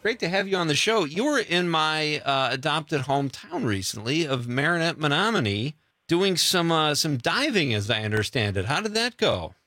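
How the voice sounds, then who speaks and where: A man's voice: on the high side, sing-song, moderate pace, pushed and bright, no room sound, clean studio sound, faint music behind. A man hosting an interview show, chatty and joking, laughing often. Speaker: show host. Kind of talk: casual interview.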